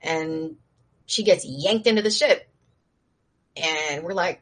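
A woman casually recapping a show in slangy talk, acting out the characters' lines in a higher voice and laughing now and then. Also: takes it slowly. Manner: chatty with frequent laughs and asides.

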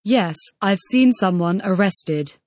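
A woman answers each question in a scripted language drill with a careful, complete sentence. Her voice sits at an ordinary middle pitch. The sound is close and dry. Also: expressive, takes it slowly, a little mellow, dry recording.

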